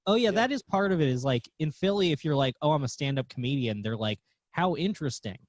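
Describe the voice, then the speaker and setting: Laid-back young comedian, dry sound. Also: male voice, a little high, animated, fast talker, dry recording. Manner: laid-back, self-deprecating. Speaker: guest, stand-up comedian. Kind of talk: casual chat.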